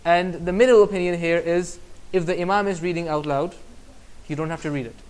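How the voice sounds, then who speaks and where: A man's voice: fairly high pitch, fairly even intonation, fairly quick, darkish tone. A man giving a casual Islamic class online, conversational and often asking "right?" to check in. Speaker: Islamic teacher.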